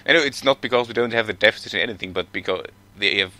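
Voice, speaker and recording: A German man with a German accent, chatting on a podcast in measured, formal phrasing with dry irony. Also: lowish voice, bright, forceful tone. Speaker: podcast co-host. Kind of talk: casual chat.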